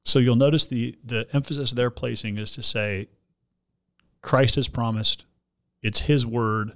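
A man's voice: medium pitch, steady tone, unhurried. A man, a pastor and podcast host, reading a listener letter and then explaining at length, with frequent restarts.

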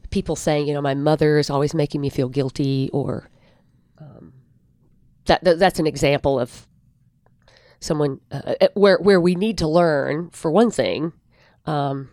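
A woman guest giving advice in an interview, thoughtful and unhurried, with many pauses and fillers. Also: sits low, darkish tone, no room sound, clean studio sound. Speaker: guest counselor. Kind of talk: reflective advice in a podcast interview.

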